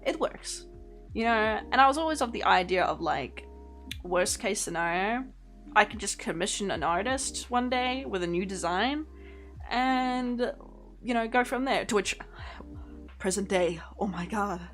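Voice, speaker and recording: A woman's voice: medium pitch, a little slow, faint music behind. A young woman streaming as a VTuber, chatting casually in a rambling way, laughing often and swearing offhandedly. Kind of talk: casual livestream chat.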